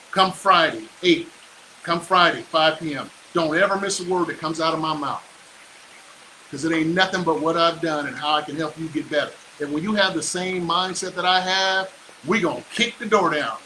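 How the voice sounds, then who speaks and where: Middle-aged man, motivational live-stream host, boastful and charged up, fairly high and bright, faint hiss behind. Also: rough recording. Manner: boastful, fired-up, preachy, with whoops. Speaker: real estate investor hosting a live stream.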